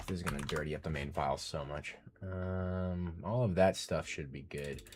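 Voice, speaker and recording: A man's voice: deep voice, moderate pace. A man live-streaming his coding, thinking aloud as he works, muttering code names and getting frustrated at bugs.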